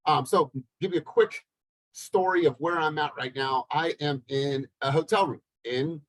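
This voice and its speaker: A man hosting a team coaching call from a hotel room, telling a story with animated, acted-out dialogue. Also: fairly high pitch, normal speed, no room sound, poor audio. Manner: animated, acts out both sides of a dialogue. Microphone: laptop or webcam on a video call.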